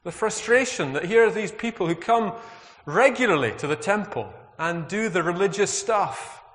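A man's voice: high-pitched, animated, moderate pace, fairly bright tone. A man preaching a sermon, earnest and reflective, asking the congregation questions. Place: church. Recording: long hall reverb.

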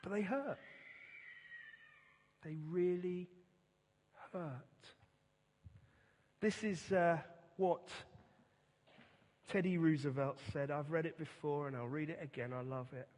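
A middle-aged man preaching a sermon as pastor, earnest and emphatic, with a deliberate delivery and repeated words for stress. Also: fairly high pitch, steady tone, a little mellow. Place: church. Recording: reverberant church hall.

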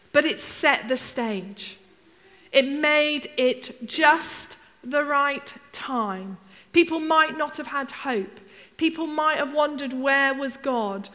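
A woman delivers a sermon in a relaxed, conversational way. Her voice sits fairly high, and she keeps turning to the congregation with rhetorical questions. The sound rings out with the long reverb of a church hall. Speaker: preacher.

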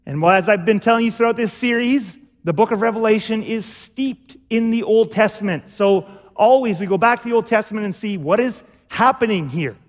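A man's voice: high voice, moderate pace, long reverb tail. A male pastor preaching a sermon, explaining step by step and often checking in with "okay?". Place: church.

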